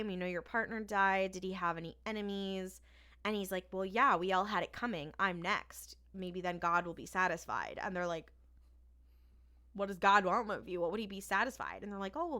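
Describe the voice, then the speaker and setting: In a mid-range voice at normal speed, this podcast co-host casually recaps an episode, animatedly quoting and performing its lines.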